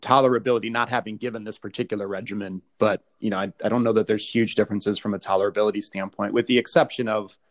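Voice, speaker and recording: A man, a cancer specialist, speaking quickly and matter-of-factly in an expert panel discussion. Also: fairly low pitch, steady tone.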